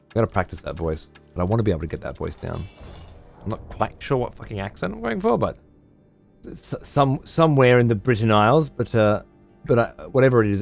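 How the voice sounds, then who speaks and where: A man's voice: on the low side, vocal fry. A man casually commentating on a strategy game while streaming, chatty and swearing freely as he mutters to himself.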